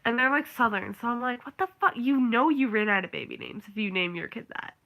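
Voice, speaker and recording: A woman's voice: fairly high pitch, expressive, brisk, gravelly, fairly bright tone. A young woman vlogging in a loose, rambling chat, full of fillers and little rants. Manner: rambling, filler-heavy, ranting. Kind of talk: casual chat.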